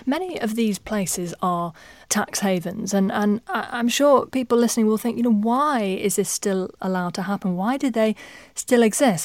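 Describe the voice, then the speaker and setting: A woman presenting a radio programme, putting clear, probing questions to her guests and summing up neatly. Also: mid-range voice, darkish tone, no room sound.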